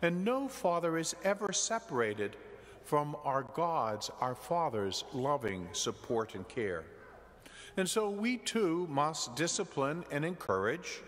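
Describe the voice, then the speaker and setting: Slow, lively priest preaching. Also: male voice, fairly high pitch. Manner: gentle storytelling with jokes. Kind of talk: sermon. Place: church. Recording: church with long reverb.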